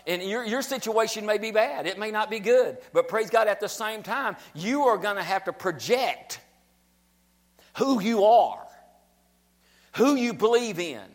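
A pastor preaching a sermon to a small church congregation, emphatic and repetitive, building up to shouted lines. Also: male voice, sits high. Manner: emphatic preaching, repeating phrases, rising to shouts.

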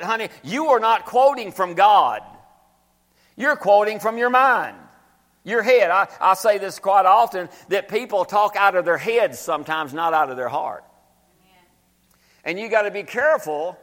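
High-voiced preaching man in echoey hall. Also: animated, moderate pace, fairly bright tone. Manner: preaching with call-and-response, repeating scripture lines. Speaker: pastor. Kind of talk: sermon. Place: church sanctuary.

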